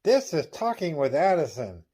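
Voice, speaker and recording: A man's voice: on the high side, big pitch swings, moderate pace, dark tone, breathy edge. A man voicing a playful female pet dog who hosts a comedy talk show, speaking in a chirpy, upbeat way. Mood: cheery. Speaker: host.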